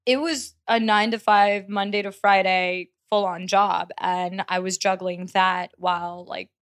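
A young woman musician talking as a podcast guest. She is blunt, profane and animated in how she tells her story. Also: medium pitch, a little slow, clean tone. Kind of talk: casual podcast interview.

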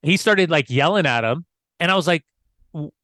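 A man co-hosting a casual football podcast, easygoing and agreeable, animated when riffing. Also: on the high side, brisk, dry recording. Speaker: podcast co-host.

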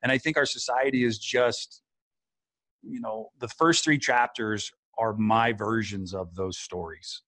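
A man's voice: medium pitch, steady tone, a little slow, fairly bright tone, dry recording, clean studio sound. A man talking casually and earnestly about feelings, reflective and rambling with many fillers. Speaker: podcast guest or co-host, author. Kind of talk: casual conversation.

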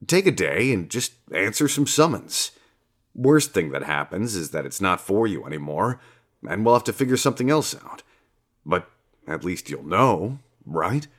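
A man's voice: low voice, very animated, normal speed. A man voicing a laid-back, foul-mouthed male God who talks like a casual bro, coaxing and swearing freely. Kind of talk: audiobook character reading.

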